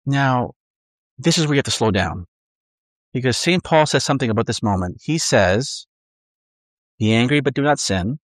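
A man's voice: medium pitch, animated, moderate pace, pauses often, no room sound, clean studio sound. A man preaching a conversational sermon, earnest, acting out the inner voices of his listeners.

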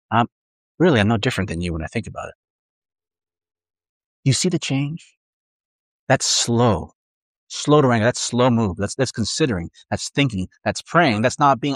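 A man's voice: medium pitch, expressive, normal speed, long pauses, no room sound, rough recording. A man preaching a sermon as pastor in a conversational way, often acting out inner voices and restarting his phrases.

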